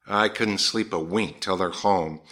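A man voicing a worried middle-aged father waiting up for his children at night, speaking a little above his own pitch. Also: measured pace, pushed and bright. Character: anxious middle-aged father staying up late.

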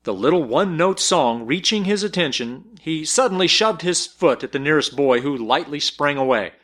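A man reading a story aloud as narrator, telling it in an expressive, measured way. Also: fairly high pitch.

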